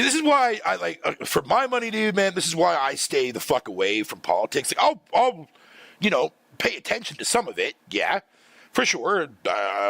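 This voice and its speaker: A man's voice: fairly high pitch, vocal fry, fairly bright tone, dry recording. Profane, exasperated man ranting into a dry mic. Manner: profane, exasperated, laughs often, filler-heavy. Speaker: gaming streamer. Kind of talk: ranting casual commentary.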